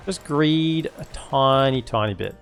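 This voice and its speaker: A man's voice: mid-range voice, lively intonation, unhurried, gravelly. A man casually commentating his live strategy game stream, rambling and chatty with lots of fillers.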